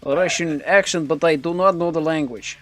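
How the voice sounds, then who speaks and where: A man's voice: a little high, a little fast, soft background music. Conversational man co-casting a stream. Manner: conversational, explains the bracket. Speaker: esports co-caster. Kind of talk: casual live game commentary.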